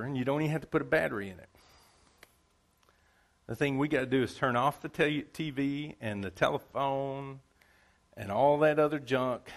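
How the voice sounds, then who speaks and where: In a church sanctuary, a pastor with a mid-range, slightly bright voice preaches a sermon to his church. His style is folksy and repetitive, returning to the same phrases again and again.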